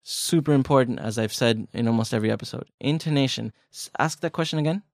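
A man's voice: medium pitch, fast, creaky, dry recording, clean studio sound. Chatty man co-hosting a language lesson. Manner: chatty, joking, explains with examples. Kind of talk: casual podcast lesson.

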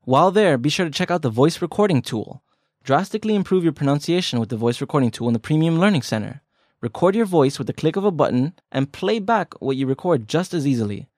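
A man's voice: on the high side, expressive, fast talker, darkish tone, dry recording, studio quality. Chatty man co-hosting a language lesson. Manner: chatty, joking, explains with examples. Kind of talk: casual podcast lesson.

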